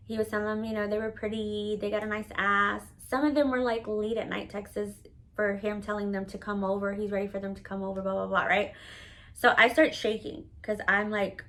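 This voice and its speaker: A woman vlogger with a mid-range, slightly bright voice tells a personal story in a casual, candid monologue. She curses freely and leans heavily on "like" as a filler.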